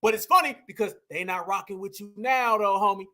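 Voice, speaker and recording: Fired-up high-voiced male commentator. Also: fairly quick, sharp tone. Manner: emphatic, preachy, repeats lines for punch. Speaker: commentary show host.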